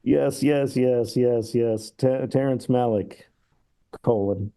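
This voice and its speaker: A man's voice: medium pitch, slow, warm tone. A man in casual film talk, rambling and laughing, acting out remembered sketches. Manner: rambling, laughs often, acts out quoted sketches. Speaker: podcast co-host discussing films.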